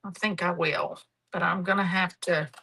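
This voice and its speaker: A woman's voice: on the low side, fairly even intonation, moderate pace, creaky, bright, forceful tone, slightly rough, low-quality recording. A middle-aged woman hosting a live craft demonstration, chatty, homey and affectionate. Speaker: craft show host.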